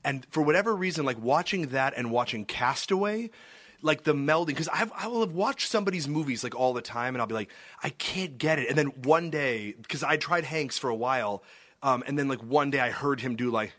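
A man's voice: mid-range voice, brisk, dry recording. A young man, a comedian guest, telling stories animatedly and slipping into voices. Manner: animated storyteller, jumps into voices. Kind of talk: casual comedy chat.

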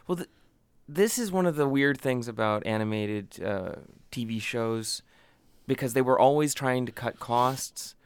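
A man's voice: mid-range voice, measured pace, clear, resonant tone, no echo. A man on a podcast explaining things in casual chat, with dry teasing remarks. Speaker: podcast co-host.

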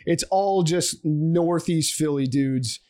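A man's voice: a little high, takes it slowly, dark tone. A man in casual podcast chat who laughs often and keeps saying "dude".

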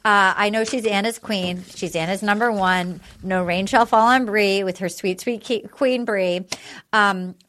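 A woman's voice: medium pitch, measured pace, a little hiss or hum. A woman co-hosting a comedy podcast, recapping a dating show in casual chat and acting out what the cast said. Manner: animated, acts out quotes of reality show cast. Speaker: podcast co-host.

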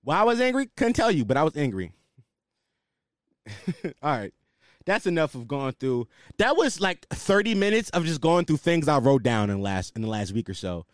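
A man's voice: a little high, normal speed, no room sound. Guy doing a solo podcast rant, slangy and worked up, voice jumping all over, dry close mic. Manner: animated, ranting, loose slangy delivery. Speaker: podcast host.

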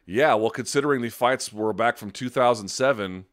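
A man hosting a podcast, telling stories and chatting casually with a rambling, profane, animated delivery. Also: medium pitch, moderate pace. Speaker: podcast host. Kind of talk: casual chat and storytelling.

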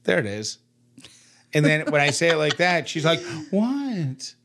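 A man co-hosting a podcast in casual chat, animated and playfully mimicking others as he tells stories. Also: on the high side, normal speed. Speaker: podcast co-host.

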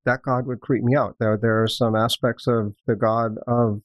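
A man's voice: medium pitch, level tone, normal speed, dry recording, dull audio. A man hosting a podcast in casual chat, with a wry, joking manner. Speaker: podcast host.

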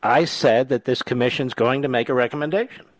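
A man's voice: medium pitch, fairly quick, no room sound. A man hosting a talk radio show, chatting with callers and telling stories in a teasing way. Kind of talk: talk radio chat and monologue. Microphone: studio mic.

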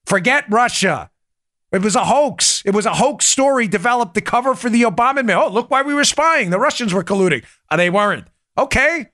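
New york guy ranting on his politics podcast, kinda high voice, punchy, dry close mic. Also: pushed and bright, dry recording. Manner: emphatic, punchy, repeats key points. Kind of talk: opinionated political talk and host-read ad.

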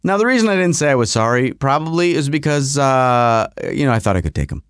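A man hosting a podcast, telling a rambling story in a casual, animated way with frequent restarts. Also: medium pitch, quick pace, smooth, dry recording, clean studio sound. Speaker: podcast host. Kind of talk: casual monologue.

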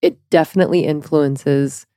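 A young woman with a low, mellow voice, stuffy-nosed from a recent cold, co-hosting a podcast. She talks playfully and laughs a lot, close to a dry mic. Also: steady tone, moderate pace, clean tone, no room sound. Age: young adult. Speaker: podcast co-host. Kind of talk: casual chat.

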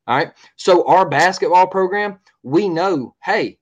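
A man's voice: sits high, expressive, unhurried, lo-fi sound. A man co-hosting a sports podcast, ranting in a heated, repetitive way and often asking "all right?". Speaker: podcast co-host.

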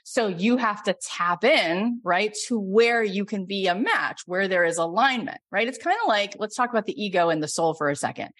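A middle-aged woman host coaching a caller, telling animated stories and then leading a soft guided meditation. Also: mid-range voice, normal speed, few pauses. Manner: animated, storytelling, swings between excited and soft.

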